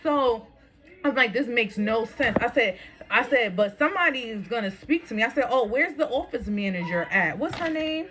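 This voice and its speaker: A woman telling a story on her vlog in a fast, animated, profane rant, laughing between lines. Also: fairly high pitch, noisy background. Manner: talking fast.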